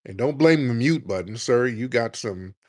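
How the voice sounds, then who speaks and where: A man's voice: mid-range voice, expressive, normal speed, no room sound, studio quality. A man hosting a heated call-in show, arguing and mocking a caller with repeated insults. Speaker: host.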